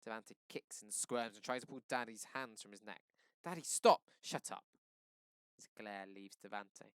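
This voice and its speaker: A male teacher reading a novel aloud to his class in a lively, expressive way. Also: fairly low pitch, normal speed, smooth, no echo.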